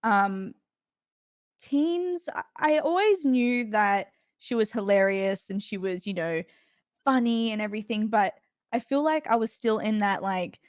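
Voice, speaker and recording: Casual australian girl guest, laughs a lot, mid pitch, dry mic. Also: measured pace, no echo. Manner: giggly, chatty, trailing restarts. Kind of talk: casual interview chat.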